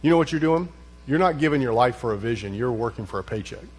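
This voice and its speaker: A man's voice: medium pitch, expressive, quick pace. A man pastor teaching a leadership session in a conversational preaching style, joking and firing repeated questions at the room.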